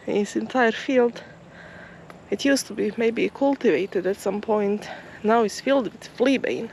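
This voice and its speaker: A woman vlogging outdoors in a field, musing softly and hesitantly as she walks. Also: a little high, vocal fry, a little hiss or hum. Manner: soft, musing, slightly hesitant. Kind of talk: casual outdoor vlog narration. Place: outdoors in a field near a forest.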